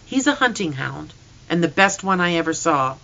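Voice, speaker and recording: Reader doing a calm, gentle farm father. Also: medium pitch, normal speed, creaky, full character voice, poor audio. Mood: comforting. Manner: calm and comforting.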